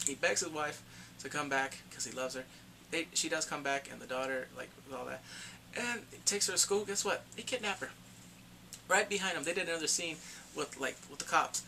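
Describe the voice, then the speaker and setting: A man giving a casual spoken movie review, retelling the plot excitedly and acting out the characters' lines. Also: fairly high pitch, fairly quick, gravelly, slight background noise.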